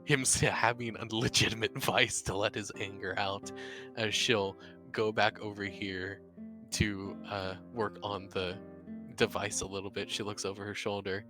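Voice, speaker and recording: A man's voice: lowish voice, little pitch movement, a little slow, music in the background. A man narrating his character's actions in a tabletop game, casual and third-person. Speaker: player.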